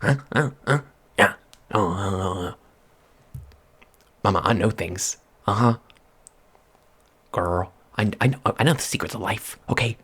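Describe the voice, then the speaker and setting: A man rambling in soft-spoken ASMR chat at a close microphone, drifting from hushed murmurs to excited outbursts. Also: lowish voice, moderate pace, pauses often, husky. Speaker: vlogger.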